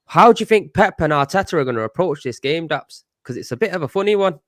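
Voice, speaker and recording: Laid-back Manchester lad hosting a football chat. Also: male voice, fairly high pitch, expressive, fast, a bit bright, no echo, studio quality. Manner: laid-back street slang, friendly banter. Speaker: host.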